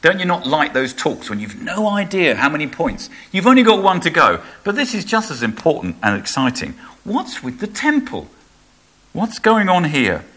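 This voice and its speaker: A man's voice: fairly high pitch, sing-song, moderate pace, few pauses, sharp tone. A man preaching a sermon in a conversational way, asking his listeners rhetorical questions.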